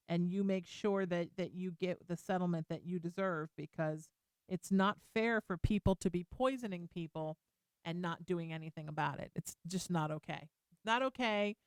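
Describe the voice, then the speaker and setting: A woman's voice: lowish voice, smooth, dry recording, clean studio sound. A middle-aged woman hosting a call-in radio show, chatty and playful, teasing herself and reassuring callers. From Irish heritage. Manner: chatty, playful and self-mocking, warm toward callers. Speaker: radio talk show host. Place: radio studio.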